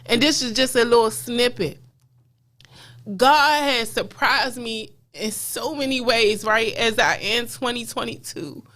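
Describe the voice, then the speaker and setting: A woman's voice: on the high side, a little slow, fairly bright tone. A woman hosting a talk show, speaking in a casual, emphatic and uplifting way and repeating phrases for emphasis. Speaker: show host. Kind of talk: casual inspirational chat.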